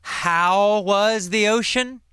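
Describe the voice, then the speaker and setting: A man teaching English by telling a story slowly, asking questions and answering them himself. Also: sits high, pushed and bright, smooth, dry recording, studio quality. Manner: repeats and answers his own questions, dramatic swings to near whisper.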